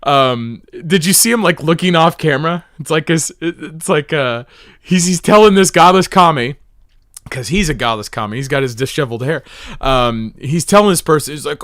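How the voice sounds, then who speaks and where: A man's voice: fairly high pitch, lively intonation, moderate pace, a bit bright, dry recording, studio quality. A man hosting a livestream, rambling and mocking, often laughing at his own jokes. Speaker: livestream host. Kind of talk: livestream commentary.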